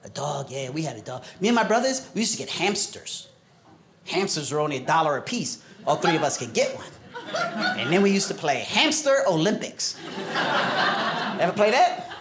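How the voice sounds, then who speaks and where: A man's voice: on the high side, normal speed, a loud crowd. A man from New York City performing a stand-up comedy set, telling childhood stories with lots of put-on voices. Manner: animated storytelling with put-on voices. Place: theater stage with laughing audience. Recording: roomy live venue with audience noise. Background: audience laughter.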